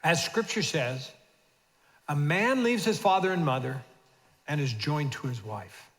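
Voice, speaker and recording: A man's voice: on the high side, expressive, measured pace, fairly bright tone. A man in his sixties preaching a sermon and urging the congregation to repeat phrases after him. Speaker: pastor. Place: church sanctuary. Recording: long reverb of a church hall.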